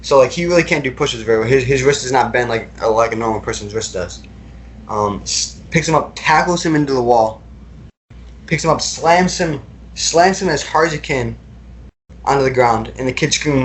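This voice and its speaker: A young man speaks casually as a podcast guest, retelling his own experiences. His delivery wanders, full of fillers and restarts, at an ordinary middle pitch. A faint noise sits underneath the voice. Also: normal speed. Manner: casual, rambling, many fillers and repeated words. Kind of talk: recounting personal experiences in a podcast interview.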